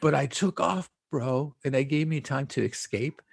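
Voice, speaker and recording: Gravelly husky male podcast guest. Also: mid-range voice, moderate pace, no echo, clean studio sound. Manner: rambling storyteller, swears, mixes in Spanish slang. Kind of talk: casual chat.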